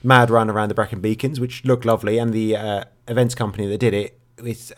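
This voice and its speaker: Man, podcast co-host, dry deadpan humour, rambling, fairly low voice. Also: fast. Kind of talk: casual chat.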